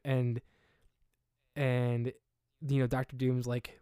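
A man co-hosting a casual podcast, retelling a story in an animated way, full of fillers and restarts. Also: mid-range voice, takes it slowly, pauses often, clear, resonant tone, dry recording, clean studio sound. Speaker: podcast co-host. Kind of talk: casual chat.

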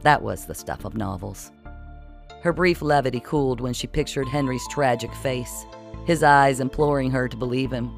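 A man narrating an audiobook in a steady storytelling manner. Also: medium pitch, moderate pace, gravelly, soft background music.

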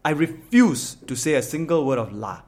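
A man's voice: fairly high pitch, moderate pace. Swearing Singaporean man telling stories. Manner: candid, animated storytelling with frequent swearing and restarts. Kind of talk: casual chat.

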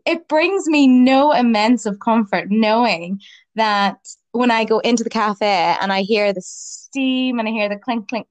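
A chatty woman hosting a podcast, her voice loud and bubbly and full of giggles. She talks at a middle pitch, and the sound is dry and close. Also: no echo. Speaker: podcast host. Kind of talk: casual chat.

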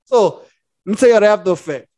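A man's voice: sits high, lively intonation, fast talker, dark tone, no echo. A young man co-hosting a podcast, telling a profane story and acting out both sides of it. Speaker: podcast co-host. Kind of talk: casual storytelling.

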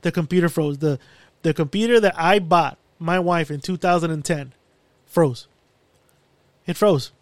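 A man's voice: a little high, unhurried, long pauses, dry recording. A man hosting a podcast, telling a long story in a casual way, swearing often and acting out what he and others said. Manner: animated, swears often, retells his own quotes. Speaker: podcast host. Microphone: studio mic.

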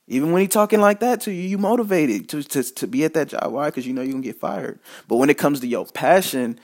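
Fast and barely pausing, a man with a fairly high, slightly mellow voice and lively intonation delivers a casual motivational talk to the camera. He preaches at his listeners, says things over again, and keeps stumbling and restarting his phrases.

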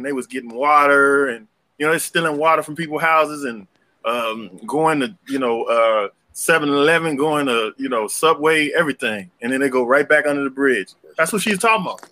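Animated young man telling stories. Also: a little fast. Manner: animated storyteller, slangy, jumps up in pitch for punchlines. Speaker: podcast co-host. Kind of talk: casual storytelling chat.

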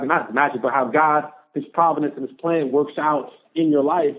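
Animated male storyteller on a thin line. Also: fairly high pitch. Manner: animated storyteller, acts out quoted dialogue. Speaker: podcast guest, former pro football player. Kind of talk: storytelling interview. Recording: narrow phone-like audio.

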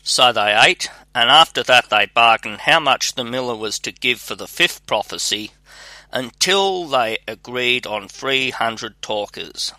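A man narrating a fairy tale in a measured, even read-aloud manner. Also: medium pitch, dry recording. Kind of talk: storybook narration.

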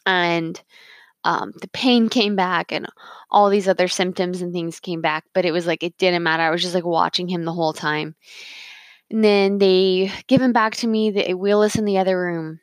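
Young mother, lowish voice, dry close sound, chatty rambling storyteller full of fillers. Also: steady tone, normal speed, dry recording. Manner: rambling, many "like" fillers, emotional retelling. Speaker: mother telling her birth story. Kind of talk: casual personal storytelling.

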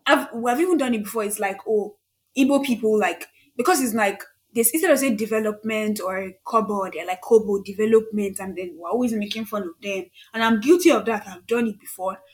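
A woman's voice: mid-range voice, fairly quick, hardly any pauses. A young woman from Nigeria, co-hosting a casual podcast chat, emphatic and repeating her points for stress. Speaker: podcast co-host.

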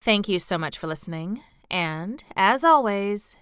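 A woman hosting a read-aloud podcast, narrating a storybook in a gentle, measured way. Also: mid-range voice, animated, smooth, no room sound, clean studio sound. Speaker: audiobook podcast host.

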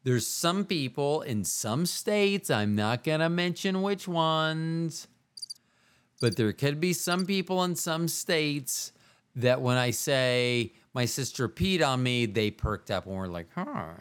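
Rambling, animated male podcast host. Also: on the high side, slow pace, clear, resonant tone. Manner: rambling, self-mocking, jumps between voices. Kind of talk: casual solo podcast monologue.

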